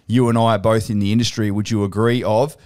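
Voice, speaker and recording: A man's voice: lowish voice, level tone, quick pace, darkish tone. A middle-aged Australian man hosting a podcast interview, chatty and laughing often, swearing freely. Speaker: podcast host.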